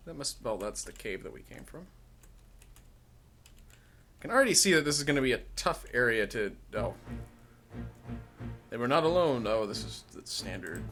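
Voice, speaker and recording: A man's voice: medium pitch, fairly bright tone. A man casually commenting while playing a retro game, wry and self-deprecating. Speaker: let's play host.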